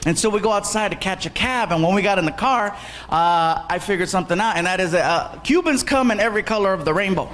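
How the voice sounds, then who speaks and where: A man performing a stand-up comedy routine on stage, telling animated stories and acting out the people in them. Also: sits high, fast talker, slight background noise. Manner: animated storytelling, acting out characters. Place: comedy stage before a live audience. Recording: live stand-up recording with loud audience. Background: loud crowd laughter.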